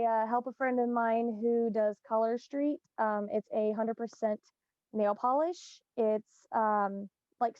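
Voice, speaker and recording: A young woman from Indiana, a panel guest, speaking in a sincere, measured way. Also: on the high side, no echo, dull audio. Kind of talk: casual panel chat.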